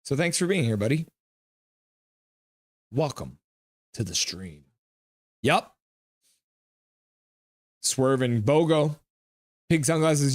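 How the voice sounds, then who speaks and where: A man's voice: a little high, lively intonation, slow pace, pauses often, no echo, clean studio sound. A young man from Canada hosting a live stream, reading chat messages aloud and giving casual play-by-play of the game. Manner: reads chat messages aloud, chatty, jumps into game commentary.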